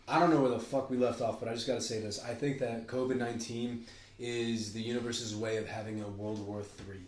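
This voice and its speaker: Man, casual podcast talk, rambling and profane, middle pitch, echoey room. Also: fairly even intonation, a little fast, a little hiss or hum. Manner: rambling, swearing, jumps between ideas. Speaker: podcast co-host. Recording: roomy echo.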